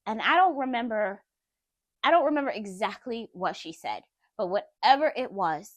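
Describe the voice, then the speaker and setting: A woman's voice: on the high side, lively intonation, moderate pace, dry recording. A woman telling a personal story to her viewers in a candid, conversational way. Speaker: vlogger.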